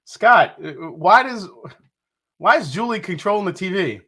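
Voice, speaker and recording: A man's voice: high-pitched, lively intonation, unhurried, sharp tone, breathy edge. A man from New York hosting a casual live stream, reading out viewer comments, joking, swearing casually and laughing often. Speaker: livestream host.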